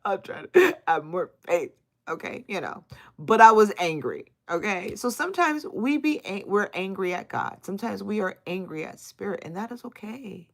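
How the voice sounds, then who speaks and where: A woman's voice: mid-range voice, big pitch swings, normal speed, creaky. A woman giving live tarot readings, talking casually and affectionately to viewers, reading their names and answering their comments. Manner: casual, affectionate, uses slang and cussing. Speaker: tarot reader.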